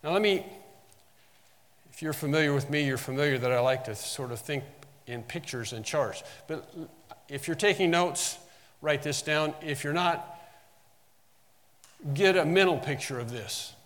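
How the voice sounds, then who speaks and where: A man's voice: fairly high pitch, measured pace, long pauses, a bit bright. Man preaching in a reverberant hall. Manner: teaching, repeats and restarts phrases, emphatic quoting of verses. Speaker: Bible teacher. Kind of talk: sermon.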